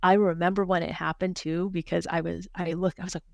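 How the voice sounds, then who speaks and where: A woman who is a hospital doctor, speaking as a guest in a podcast interview, talking fast and earnestly, with many restarts and repeated words. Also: fairly low pitch, flat delivery, creaky, no room sound. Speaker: hospital physician executive, guest.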